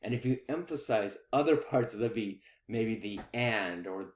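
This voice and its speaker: A man giving a recorded music lesson, explaining rhythm patiently and counting beats out loud. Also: fairly low pitch, expressive, measured pace, few pauses, roomy sound. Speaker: music teacher.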